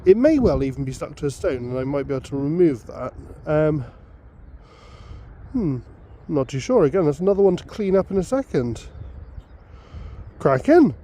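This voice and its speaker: A man's voice: a little high, sing-song, moderate pace, long pauses, dark tone. A man chatting upbeat to viewers while he works outdoors in a field. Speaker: metal detecting vlogger. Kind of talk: casual outdoor vlog commentary.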